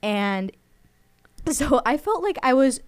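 A young woman runs a college radio show in a smooth, clear voice. She chats and rambles, packs her talk with fillers and little giggles, and speaks close to a studio microphone. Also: high voice, big pitch swings, slow pace. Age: young adult. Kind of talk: casual radio chat.

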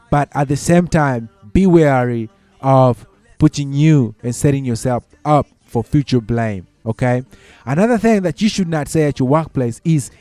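With a slightly high, mellow voice and no echo, a male commentator chats about workplace advice. He keeps it conversational, saying y'all and folks, going over his points more than once and checking in with whoever's listening.

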